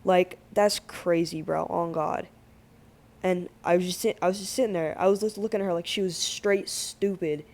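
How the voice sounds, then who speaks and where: A man casually telling a story to his channel audience, full of slang, swearing and filler words, with animated, exaggerated turns of phrase. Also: sits high, normal speed, vocal fry. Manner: slangy, swears freely, lots of "like". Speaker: gaming channel host.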